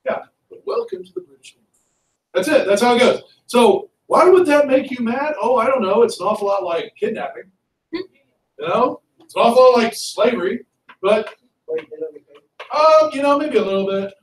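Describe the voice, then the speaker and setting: Male teacher, high voice, lively classroom lecture, echoey room, mic far off. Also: moderate pace. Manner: lively, conversational, asks students questions. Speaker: history teacher.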